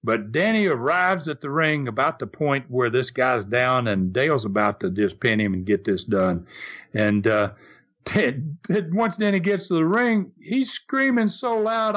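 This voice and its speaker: An older man with a Southern American accent, casually telling stories as a podcast host, chuckling and acting out shouted quotes. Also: mid-range voice, normal speed. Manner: animated, acts out shouted quotes, chuckles often. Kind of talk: casual storytelling.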